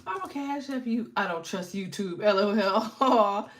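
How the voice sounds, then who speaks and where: A woman in her thirties who has allergies hosts a livestream, chatting in a casual, animated way. She jokes, swears and laughs often. Her voice is medium-pitched and animated at a normal speed, with slight background noise.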